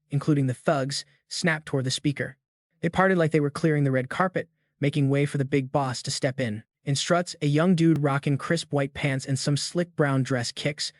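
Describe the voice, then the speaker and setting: A man's voice: on the high side, no echo, clean studio sound. Slangy male recap narrator. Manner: casual, slang-heavy.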